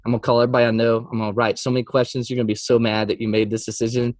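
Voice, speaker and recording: A mid-pitched man tells a story in a relaxed interview as a Christian music artist. He acts out every quote with leaps in pitch and laughs often. The sound is dry and close. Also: rapid-fire, no room sound.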